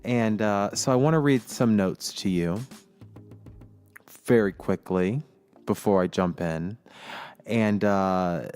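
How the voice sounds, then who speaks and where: A man's voice: fairly low pitch, darkish tone, clear, resonant tone, faint music behind. A man hosting his own podcast in a casual, reflective solo talk, with plenty of ums and uhs. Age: adult. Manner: slow, reflective, with many fillers. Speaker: podcast host.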